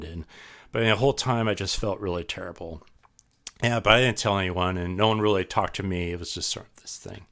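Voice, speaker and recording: A man's voice: lowish voice, a bit bright. A man guest on a podcast, telling a rambling, self-deprecating story with many fillers and restarts. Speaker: podcast guest, sound artist. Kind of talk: casual storytelling in a podcast interview.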